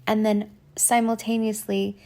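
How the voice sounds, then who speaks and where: Gravelly-voiced woman giving a halting testimony. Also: mid-range voice, little pitch movement. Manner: halting, searching for words with many restarts; soft, often dropping to a near whisper. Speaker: person sharing a spiritual testimony. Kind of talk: personal testimony monologue.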